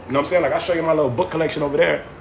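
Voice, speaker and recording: A man's voice: a little high, steady tone, racing, gravelly, echoey room, slight background noise. A man hosting a livestream from home, giving a slangy, preachy motivational talk that repeats phrases for effect. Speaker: livestream host.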